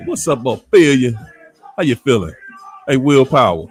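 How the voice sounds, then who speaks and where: Faint music plays behind this livestream host, a man with a D.C. African American accent whose mid-range voice has a breathy edge and big pitch swings at a moderate pace. Laughing a lot, he casually and playfully calls out his viewers by name.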